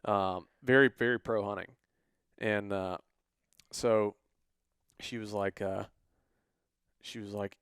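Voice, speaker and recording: A man's voice: on the low side, slow, long pauses, clean tone, no echo, studio quality. A man, co-hosting a podcast, telling a story in a casual way and acting out the people he quotes. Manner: animated, acts out quoted voices. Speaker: podcast co-host.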